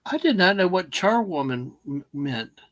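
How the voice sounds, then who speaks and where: A middle-aged man co-hosts a casual chat, talking freely and wandering into explanations. His voice sits somewhat high for a man, and the recording is dry and close. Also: very animated, a little slow, a bit bright, no room sound. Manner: talkative, digressive, explaining. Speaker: co-host.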